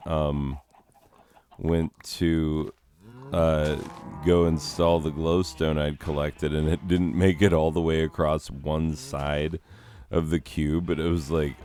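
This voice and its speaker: A man with an extremely deep, smooth voice talks slowly through his gameplay, wandering off into jokey tangents. The sound is close and dry, with no room around it. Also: darkish tone, dry recording. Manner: rambling, joking asides. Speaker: gaming video host. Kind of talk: casual gameplay commentary.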